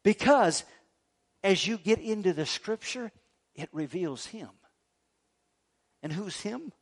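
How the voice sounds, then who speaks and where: Pastor guy preaching, kinda high voice, goes quiet then yells out big lines. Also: expressive, takes it slowly. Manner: preaching with rising shouts and acted quotes. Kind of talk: sermon.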